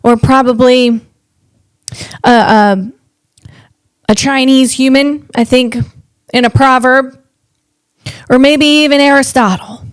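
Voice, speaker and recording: A woman's voice: sits high, steady tone, slow pace, pauses often, clean tone, no echo. A woman from the Northeast US hosting a casual comedic podcast, chatty and rambling, often restarting her sentences.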